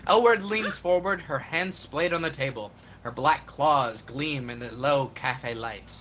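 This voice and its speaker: A streamer reading a game's narration aloud in a lively live stream, with comic emphasis. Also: mid-range voice, a little slow, a little hiss or hum.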